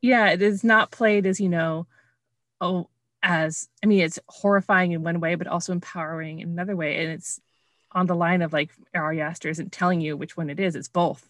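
A woman guest critic in a casual film chat, speaking thoughtfully with lots of likes and softening when she reflects. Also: lowish voice, fairly even intonation, moderate pace, no echo, studio quality.

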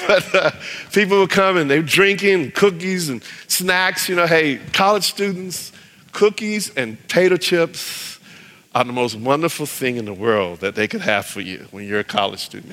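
A man's voice: high-pitched, expressive, normal speed, a bit bright. A man preaching a sermon as pastor, telling a story animatedly and acting out the voices of the people in it, with long hall reverb.

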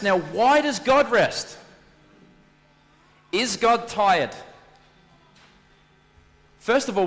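A married male pastor preaching a sermon, telling stories animatedly and acting out voices. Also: high-pitched. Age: adult, married. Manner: animated storyteller, acts out voices, repetition for emphasis. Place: church hall. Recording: long reverb of a church hall.

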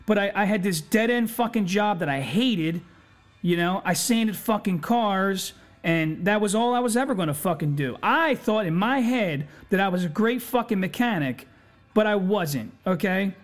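A man's voice: high voice, expressive, normal speed. A man, giving a blunt, profane motivational monologue on his podcast in a fired-up manner. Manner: fired-up, blunt, heavy swearing. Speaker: podcast host. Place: home recording setup. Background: faint music.

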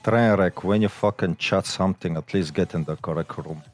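A man's voice: low-pitched, normal speed. A man co-hosting a prank call stream, teasing and cursing in casual banter. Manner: crude, teasing. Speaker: co-host.

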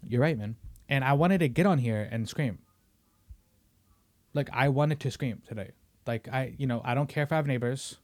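A young man hosting a casual podcast, ranting heatedly with lots of swearing and loud emphatic bursts. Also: mid-range voice, normal speed, pauses often. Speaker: podcast host. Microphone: studio microphone.

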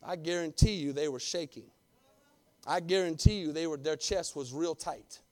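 Brief: male pastor with a high voice, fervent, calls out to the room for amens. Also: normal speed. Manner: fervent, calls for amens, talks directly to the congregation. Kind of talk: sermon.

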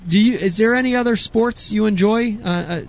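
A man with a fairly high voice hosts a live show from a room with a small crew, upbeat and coaxing. He often trips over and restarts his sentences, and the audio comes through dull and lo-fi. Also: fairly quick. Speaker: host of a live fishing show. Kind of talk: live show wrap-up chat.

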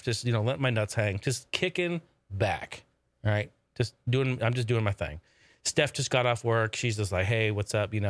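A man's voice: medium pitch, a bit bright, no room sound, clean studio sound. A man casually telling a funny family story, swearing a lot and acting out the voices of the people in it. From family from Oregon. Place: home in the desert.

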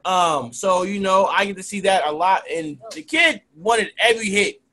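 Rambling male ref and teacher, high voice, full of likes and you knows, casual interview guest. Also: lively intonation, normal speed, pushed and bright. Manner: rambling, heavy use of "like" and "you know". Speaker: youth football referee and teacher.

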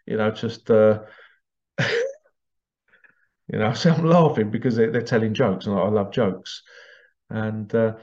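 Male vlogger, mid-pitched, mellow tone, rambling and repetitive, muffled lo-fi sound. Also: creaky. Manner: rambling, repeats words, chuckles between points. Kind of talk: casual monologue to viewers. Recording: dull lo-fi sound.

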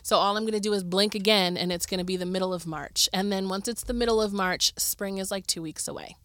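A woman's voice: mid-range voice, fairly even intonation, fast, a bit bright, no room sound. A woman co-hosting a podcast in casual chat, upbeat and loose, saying "like" a lot. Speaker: podcast co-host.

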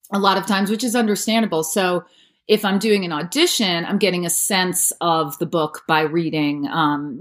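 A woman in her thirties with a fairly low voice talks about her narration work. She is relaxed and chatty, filling her answers with "like" and light asides. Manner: chatty, with many "like" fillers and light laughs. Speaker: audiobook narrator and voice actor. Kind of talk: casual interview answers.

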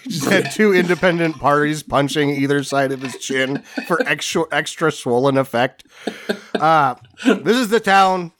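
A man's voice: on the high side, normal speed. A man co-hosting a comedy movie podcast, telling digressive stories in casual chat. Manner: storytelling, digressive, animated. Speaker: podcast co-host.

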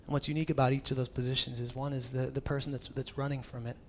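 A male pastor preaching a sermon in an animated, conversational way, with jokey asides. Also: mid-range voice, very fast, slight background noise.

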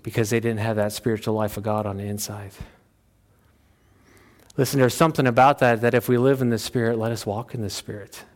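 A male pastor delivering a sermon in a plain-spoken, folksy way, swinging between loud, high exhortation and quiet, low asides. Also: fairly even intonation, fairly quick.

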